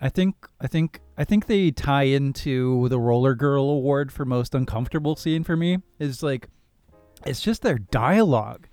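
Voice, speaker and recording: A man in casual podcast chat, his voice smooth and resonant, the sound close and dry with no room around it. He talks animatedly, laughing and acting out reactions as he goes. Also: mid-range voice, animated, moderate pace, darkish tone, no room sound, faint music behind. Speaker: podcast co-host. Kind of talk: casual movie-discussion chat.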